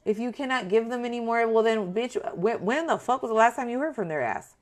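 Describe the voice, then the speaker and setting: A woman giving a casual tarot reading to her viewers, talking in a blunt, profane and animated way. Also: on the high side, a little fast. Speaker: tarot reader.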